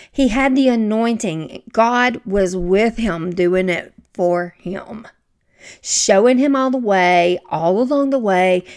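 A Southern-accented woman reads Bible passages and then explains them in a relaxed, conversational teaching style. She talks straight to her listeners with chatty, self-deprecating asides. Her voice sits at a medium pitch for a woman. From American South.

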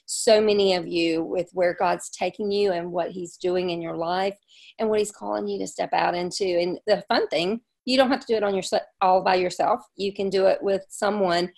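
A woman chatting casually as a podcast guest, talkative and quick to laugh. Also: on the low side, steady tone, gravelly, darkish tone. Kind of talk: casual chat.

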